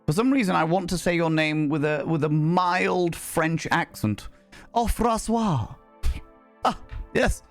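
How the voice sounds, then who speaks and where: A man's voice: fairly high pitch, normal speed, few pauses, soft background music. A man hosting a live stream in a camp, theatrical way, full of grand flourishes. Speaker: streamer and cabaret host. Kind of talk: flamboyant live-stream chat.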